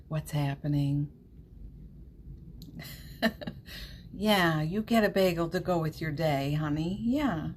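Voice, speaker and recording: A woman's voice: sits low, darkish tone, slight background noise. A woman hosting a casual live stream, chatty, laughing often and reassuring her viewers, with a runny nose. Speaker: livestream host.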